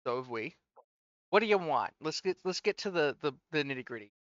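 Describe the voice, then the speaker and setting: Blunt player guy arguing with a dragon, bright voice, kinda muffled lo-fi sound. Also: on the high side, expressive, fairly quick, dry recording. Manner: blunt, argumentative, pushes to the point. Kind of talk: casual tabletop game chat and in-character negotiation. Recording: dull lo-fi mic.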